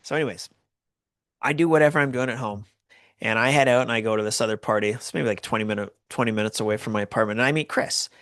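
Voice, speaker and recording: A man's voice: mid-range voice, fast talker, a bit bright, no room sound, studio quality. A Canadian man hosting a podcast, telling a story casually and rambling with lots of fillers and restarts. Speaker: podcast host.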